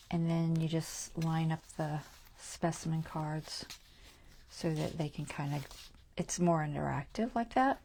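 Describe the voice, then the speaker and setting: A woman hosting a crafting livestream from home, chatting casually as she thinks aloud through her choices and often dropping into soft, half-whispered asides. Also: lowish voice, vocal fry, a little hiss or hum. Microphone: wearing a mic.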